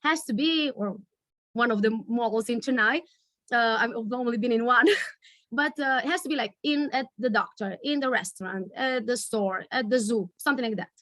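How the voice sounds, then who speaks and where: A woman leading a storytelling workshop over a video call, searching for words with many pauses and fillers. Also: a little high, fairly bright tone, no echo, clean studio sound. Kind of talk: online workshop teaching.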